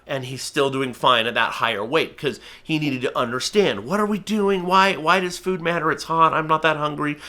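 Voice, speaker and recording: Bright, energetic man teaching falconry. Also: mid-range voice. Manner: energetic, emphatic, acts out bird and viewer voices. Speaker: falconry instructor. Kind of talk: instructional talk to camera.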